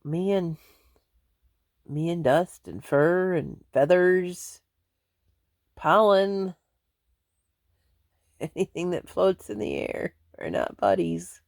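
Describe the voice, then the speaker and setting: A woman's voice: lowish voice, steady tone, slow pace, creaky, pauses often, a little mellow, no room sound, studio quality. A woman chatting casually to her viewers from home, rambling and laughing often. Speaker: vlogger. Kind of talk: casual chat to camera.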